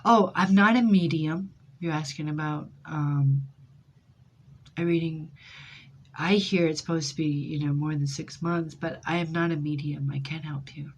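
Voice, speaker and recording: A woman who reads tarot, casually telling stories to an audience in an animated, joking way and laughing often. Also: sits low, unhurried, slight background noise. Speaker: tarot reader.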